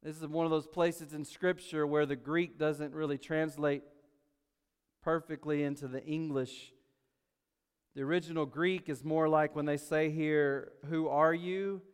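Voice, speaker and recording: A man preaching a sermon as pastor, swinging between loud urgency and quiet asides. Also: on the high side, fairly even intonation, a little slow, clear, resonant tone, long reverb tail.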